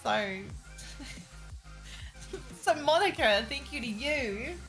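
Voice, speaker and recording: Young woman, New Zealand accent with an American tinge, chatty and giggly, a bit high-pitched, faint music behind. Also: expressive, slow pace, fairly bright tone, poor audio. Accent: New Zealand, slightly Americanized. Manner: chatty, giggly, addresses chat directly. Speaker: streamer. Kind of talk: casual live-stream chat while playing.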